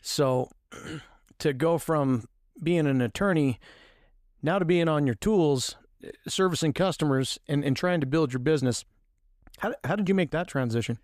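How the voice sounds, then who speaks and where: A man's voice: fairly high pitch, unhurried, a little mellow, no echo, studio quality. A man hosting a podcast, asking questions in a curious, conversational way. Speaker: podcast host. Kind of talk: casual interview.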